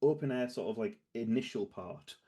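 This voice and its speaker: A man's voice: medium pitch, expressive, normal speed, warm tone. A man running a tabletop game as game master, describing scenes in a hesitant, rambling way full of fillers and restarts.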